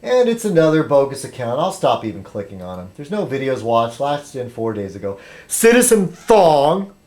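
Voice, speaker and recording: A man's voice: mid-range voice, very animated, a little fast, darkish tone. A man rambling casually on a webcam vlog, chatty and full of ums and restarts. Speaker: video blogger.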